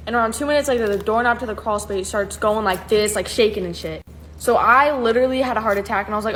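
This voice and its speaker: A woman's voice: on the high side, quick pace, fairly bright tone, a little hiss or hum. A text-to-speech woman's voice telling a spooky story in a casual, blunt manner full of slang.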